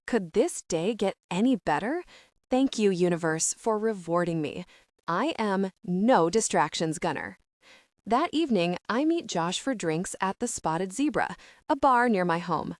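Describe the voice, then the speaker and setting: Woman audiobook narrator: animated first-person telling, dry studio sound. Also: mid-range voice, a little slow, no echo.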